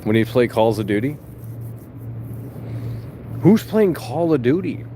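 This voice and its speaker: A young man livestreams from his car, reading viewer comments and chatting in a rambling, sarcastic, profane way. His medium-pitched voice is warm with lively intonation and a measured pace, with slight background noise.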